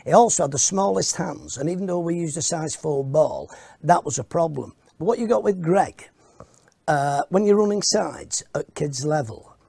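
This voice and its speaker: Gravelly husky man. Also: a little high, lively intonation, moderate pace, a little mellow, no echo. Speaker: former youth rugby coach. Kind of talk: interview recollection.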